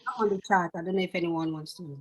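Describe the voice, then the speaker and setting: Woman moderator, soft-spoken, reading chat questions. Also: lowish voice, steady tone, fast, husky. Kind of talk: casual moderating.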